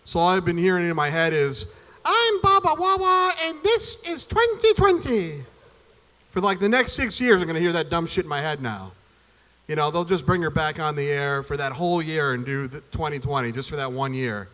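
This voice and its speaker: A man's voice: a little high, brisk, fairly bright tone. A man doing an open mic stand-up set, rambling and profane, acting out little voices as he goes. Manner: loose, profane, rambling delivery with acted-out voices. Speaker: stand-up comedian. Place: performance venue stage before a live audience. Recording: long hall reverb from a venue.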